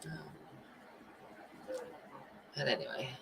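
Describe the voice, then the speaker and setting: Hosting a coloring livestream, a woman talks casually and welcomes viewers by name. She speaks slowly, and there's background noise.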